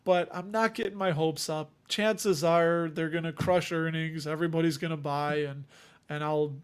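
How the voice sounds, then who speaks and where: A man's voice: on the high side, steady tone, normal speed, smooth. A man from Chicago with a Chicago accent, hosting a casual investing livestream in a rambling, joking, self-deprecating way. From Chicago area. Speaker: dividend investing livestream host.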